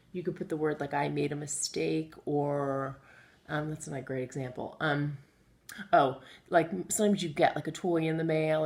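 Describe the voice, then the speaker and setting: A woman teaching a phonics lesson to young children, patient and encouraging, sounding out letters slowly. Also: deep voice, darkish tone. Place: classroom with chalkboard. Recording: echoey room, faint ambient noise.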